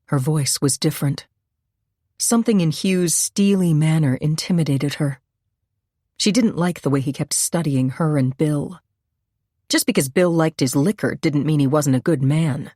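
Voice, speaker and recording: A woman reads a suspense audiobook in a measured, steady way. Her voice sits low, and the recording is dry and close with no room sound. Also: no room sound. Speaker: audiobook narrator. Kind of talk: scripted narration.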